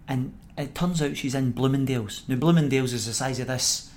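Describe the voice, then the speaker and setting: A middle-aged Scottish man, a former footballer, telling animated stories as a podcast guest with frequent laughs. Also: medium pitch, brisk. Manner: animated anecdote-telling, acts out quoted voices, laughs often. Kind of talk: podcast interview storytelling.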